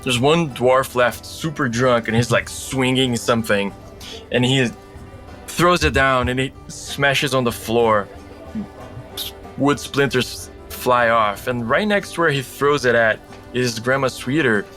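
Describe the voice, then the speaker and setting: A man's voice: mid-range voice, measured pace, sharp tone, soft background music. A man narrating as game master of a tabletop game, in loose, chatty talk with many fillers.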